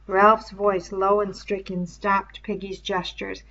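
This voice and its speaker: A woman reading a novel aloud in slow, measured storytelling. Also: mid-range voice, little pitch movement, pushed and bright, highs cut off. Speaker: reader.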